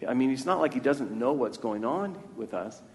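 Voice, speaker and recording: A man's voice: mid-range voice, lively intonation, moderate pace, a little mellow. A man preaching a sermon from a church, earnest and talking freely, often repeating words as he restarts a thought. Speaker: pastor. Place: church sanctuary. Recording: long church reverb.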